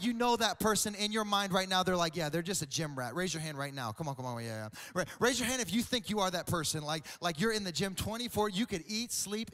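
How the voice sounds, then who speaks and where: A young adult man preaching a comedic sermon, animated and joking, often repeating words. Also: high voice. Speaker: pastor. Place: large church auditorium. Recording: reverberant church hall.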